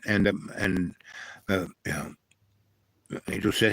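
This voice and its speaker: A man's voice: sits low, steady tone, a little slow, gravelly, long pauses, a bit bright, dry recording, poor audio. A man hosting a rambling spiritual monologue, meandering with many fillers and tag questions. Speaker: channel host.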